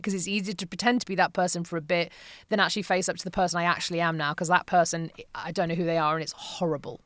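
Expressive woman in her late forties, podcast guest, dry studio sound. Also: on the low side, quick pace, no echo. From from abroad, living in the USA. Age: late 40s. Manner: animated storyteller, acts out quotes, swears freely. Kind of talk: casual conversation.

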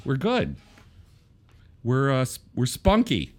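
A man's voice: mid-range voice, wildly swooping pitch, slow, a little hiss or hum. A man hosting a casual political talk show, wry and conversational, often restarting his sentences. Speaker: podcast host.

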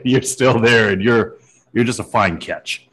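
A man's voice: medium pitch, huge pitch swings, slow pace, fairly bright tone, breathy edge, rough recording. A man co-hosting a casual sports podcast, teasing his partner and laughing often. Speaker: co-host.

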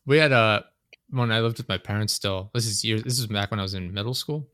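A man's voice: on the low side, brisk, fairly bright tone, dry recording, clean studio sound. A young man chatting casually as a podcast host, telling long rambling stories, swearing a lot and laughing often. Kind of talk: casual chat.

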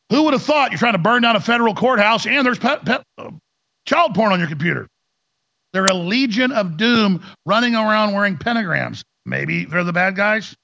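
A man's voice: sits high, expressive, normal speed, vocal fry, sharp tone, no echo, dull audio. A man hosting a talk radio show, ranting sarcastically and mimicking opponents in mocking voices.

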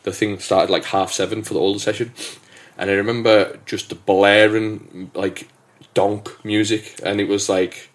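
Male podcast host, lowish voice, hesitant storyteller, casual chat. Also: little pitch movement, moderate pace. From England. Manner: hesitant, many restarts and fillers.

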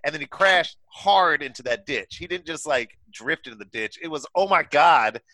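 Lively, bright-voiced young man. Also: a little high, normal speed, dry recording. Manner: animated, swearing, laughing storyteller. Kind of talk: casual storytelling.

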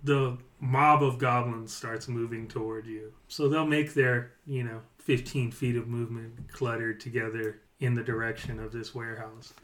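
A man running a tabletop game as game master, narrating in a halting, easygoing way. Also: medium pitch, level tone, a bit bright. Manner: halting, laughs easily.

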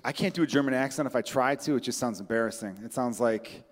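A fast-talking man of medium pitch hosts a comedy podcast, chatting casually with friends in the room and cracking wry, profane, self-mocking jokes. The recording has a long hall reverb.

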